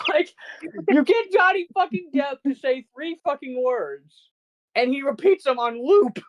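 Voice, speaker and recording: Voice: sits high, lively intonation, unhurried, dull audio. Ranting, foul-mouthed podcast co-host. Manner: ranting, heavy swearing, incredulous. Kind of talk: casual podcast chat.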